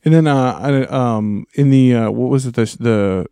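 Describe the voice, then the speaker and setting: A man co-hosting a casual podcast chat, relaxed and quick to laugh. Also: mid-range voice, smooth, no echo. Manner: relaxed, laughs often, loose restarts. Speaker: podcast co-host.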